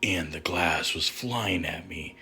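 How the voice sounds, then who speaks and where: Jittery young man, blurting worried lines, bright voice , played by the male narrator. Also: low voice, slow, vocal fry, slightly rough, full character voice. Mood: dazed.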